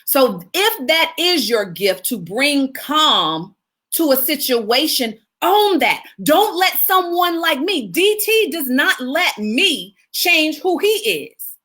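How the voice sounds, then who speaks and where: Lively, animated woman coaching on a live stream. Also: high voice, slow pace. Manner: animated, expressive, laughs often, chats with viewers' comments. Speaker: publicist hosting a live video.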